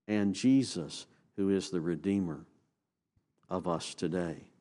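Slow, emphatic preaching man. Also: dark tone. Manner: call-and-response questions, emphatic rises and low drops. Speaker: pastor. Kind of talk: sermon.

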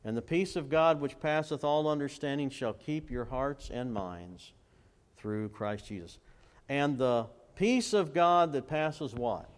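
A man preaching a sermon, quoting scripture and repeatedly asking the congregation to fill in words. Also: mid-range voice. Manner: call-and-response questions to the congregation; quotes scripture and recites hymn lyrics slowly. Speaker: pastor.

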